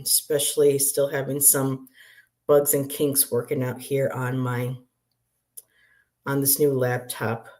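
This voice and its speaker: A chatty woman with a low voice talks to her livestream viewers as a tarot reader. She speaks slowly and unhurriedly, greeting people by name and laughing easily along the way. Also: dark tone. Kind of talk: casual livestream chat.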